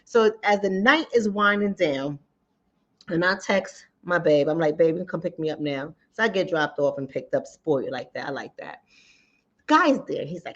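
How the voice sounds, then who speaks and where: Black woman chatting to camera, lowish voice, kinda muffled lo-fi sound. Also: moderate pace. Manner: animated storytelling, addresses ladies and fellas directly. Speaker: relationship coach and channel host. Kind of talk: casual talk-to-camera commentary. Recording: dull lo-fi sound.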